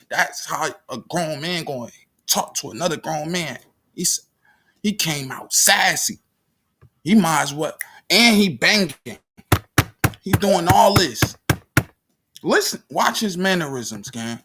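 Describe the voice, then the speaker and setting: A man hosts a reaction video with a slightly raised pitch and a rough, fried edge to his voice. He takes his time and drawls his lines. He mocks what he is watching in heavy slang. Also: slow, pauses often. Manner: mocking, animated slang-heavy banter. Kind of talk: casual reaction commentary.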